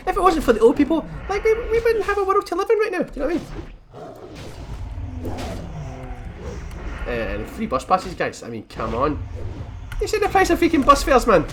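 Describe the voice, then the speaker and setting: A man's voice: high-pitched, a bit bright, a little hiss or hum. A man giving rambling, jokey, sweary commentary while playing a game. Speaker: gaming video host.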